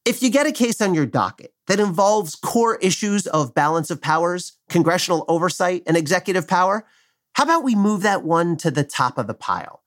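A middle-aged man, a former prosecutor, reading an opinion commentary in a measured, wry, argumentative way. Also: high-pitched, expressive, a bit bright.

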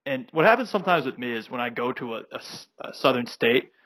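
A man's voice: medium pitch, lively intonation, fast talker, a bit bright, dry recording. A young man co-hosting a podcast, telling a rambling anecdote full of fillers in casual chat. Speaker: podcast co-host.

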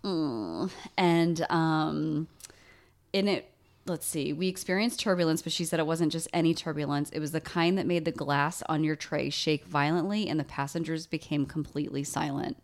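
A woman's voice: deep voice, normal speed. Chatty woman telling a story. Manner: chatty, reads listener emails aloud with lots of fillers. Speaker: podcast co-host. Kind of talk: casual chat, storytelling.

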